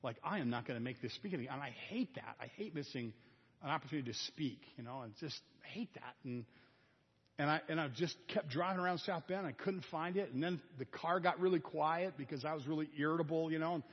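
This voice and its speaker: A man's voice: fairly high pitch, fairly quick, breathy edge. A middle-aged man preaching a sermon as pastor, telling stories in a folksy, conversational way. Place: church sanctuary. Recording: dull, echoey church hall recording.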